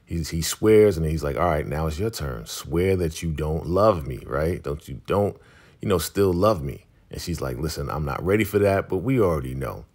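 A man's voice: rumbling low, lively intonation, moderate pace, darkish tone, slightly rough. A man casually recapping a TV episode, quoting the characters in loose street slang. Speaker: recap host.

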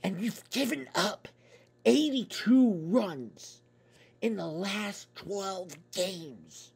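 A man's voice: sits high, very slow, vocal fry, husky. A man delivering a profane, angry sports fan rant on his YouTube channel, swearing in nearly every sentence.

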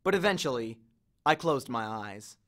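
A man narrating a novel in the first person in a measured, expressive storytelling manner. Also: medium pitch. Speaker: audiobook reader.

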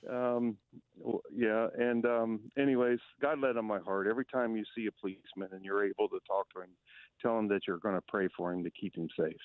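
A man calling in to share a quick story, stumbling over his restarts as he goes. His voice sits fairly low and comes through a tinny, dry phone line. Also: no room sound. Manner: hesitant, many restarts. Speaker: caller.

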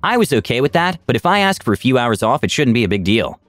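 A man narrating online stories in an expressive, scripted reading. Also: medium pitch, fast, no echo, soft background music. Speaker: story narrator.

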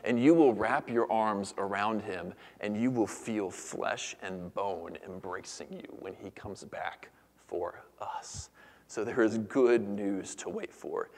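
A man in his thirties preaching a sermon as pastor, earnest, moving between hushed near-whispers and lively storytelling. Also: on the low side, slow. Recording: long reverb of a church hall.

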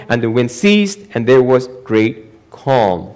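A man preaches a sermon in a church, speaking at a middle pitch. He drops low and soft for earnest points, then jumps high and loud when he acts out the lines of the people he quotes. His delivery is animated and conversational. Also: moderate pace. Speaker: pastor.

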